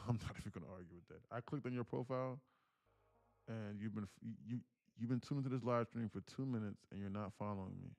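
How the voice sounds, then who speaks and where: Slangy, animated male livestreamer. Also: fairly low pitch, quick pace, creaky, soft background music. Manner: animated storytelling, slangy, calls people bro. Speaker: day-trading livestreamer. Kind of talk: casual livestream chat. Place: at home.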